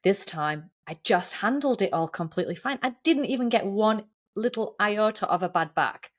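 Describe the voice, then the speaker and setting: A woman's voice: mid-range voice, lively intonation, normal speed. A woman guesting on a podcast, telling her story in a candid, earnest way in casual interview chat.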